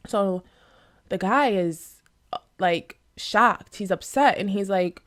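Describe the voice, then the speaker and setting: Woman, card reader, casual rambling storytelling, lots of fillers, mid-pitched voice. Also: slow pace, pauses often. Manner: chatty, rambling, many fillers like "like" and "right?". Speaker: tarot and oracle card reader.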